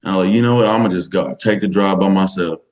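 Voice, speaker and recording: A man's voice: low-pitched, fast talker, a little mellow, highs cut off. A man with a Southern US accent, a podcast guest telling a story casually, rambling with many fillers. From Texas, USA.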